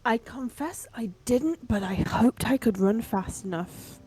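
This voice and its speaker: A woman's voice: a little high, lively intonation, a little slow, warm tone, breathy edge, faint music behind, voice pushed up. A woman voicing a wary, guarded young adventurer in a tabletop game, speaking in a dry, clipped way.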